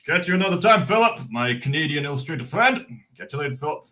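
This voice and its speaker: A Scottish man hosts a livestream, his fairly high, fairly bright voice quick and full of lively intonation. He chats casually, jokey and giggly, rambling along with plenty of fillers.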